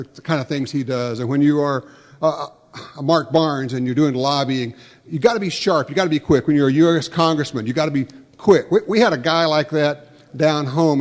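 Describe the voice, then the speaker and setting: A man's voice: a little high, a little mellow, in a large hall. A man emceeing an awards luncheon, introducing guests and telling folksy jokes with frequent restarts. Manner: folksy, with self-correcting restarts. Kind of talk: joke-telling emcee remarks. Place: large banquet hall.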